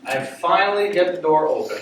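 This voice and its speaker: A man telling a story live on stage, animated and often laughing as he speaks. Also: a little high, brisk. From United States. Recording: very echoey room, distant mic, faint noise.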